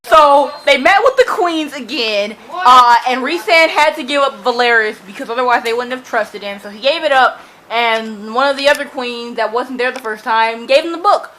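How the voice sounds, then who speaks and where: A young woman recapping a novel in an excited reading vlog, gushing and dramatic, breaking into screams and laughs between run-on summaries. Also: on the high side, normal speed, rough recording. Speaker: book vlogger.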